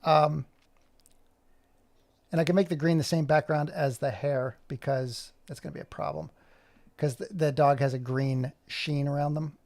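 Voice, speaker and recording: A man's voice: on the high side, steady tone, moderate pace, gravelly, a little mellow. A middle-aged man talking through an animation tutorial as he works, chatty and self-mocking, muttering to himself. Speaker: video creator. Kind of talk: screen-recorded tutorial with running commentary.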